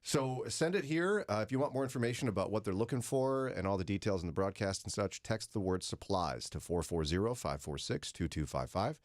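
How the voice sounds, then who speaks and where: Lively low-voiced male radio host. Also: a little fast, few pauses. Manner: joking, playful, reads out phone numbers. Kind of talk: morning radio banter.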